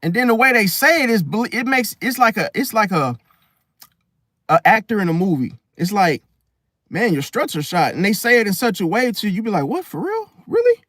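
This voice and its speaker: A man's voice: sits high, expressive, a little fast, sharp tone, no echo, studio quality. A man ranting bluntly in a casual monologue as host, swearing and acting out quoted voices. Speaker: astrology channel host.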